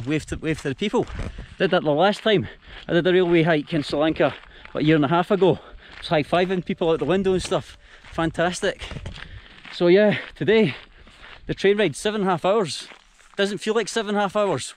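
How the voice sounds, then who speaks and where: A man's voice: sits high, a little fast, a little hiss or hum. A young Scottish man talking casually to his camera while walking along rail tracks, chatty and jokey. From Scotland. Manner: chatty, jokey, self-mocking. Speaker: travel vlogger. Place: outdoors, countryside by rail tracks. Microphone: handheld action camera.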